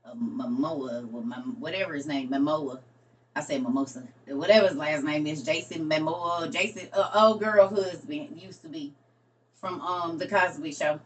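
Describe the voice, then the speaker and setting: A woman chatting casually with her viewers, sassy and drawn-out, tossing in honey and baby. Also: low voice, recorded from a distance. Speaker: streamer.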